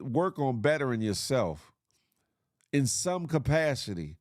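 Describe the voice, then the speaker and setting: A man's voice: on the high side, animated, measured pace, dry recording, studio quality. A man hosting a casual morning livestream show, giving a repetitive, motivational rant full of slang and laughter.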